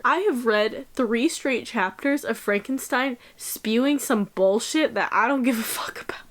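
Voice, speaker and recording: A woman's voice: sits high, animated, a little slow. A woman of about twenty in a casual video diary, swearing a lot and ranting sarcastically. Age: 20s. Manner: profane, fired-up, sarcastic. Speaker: vlogger.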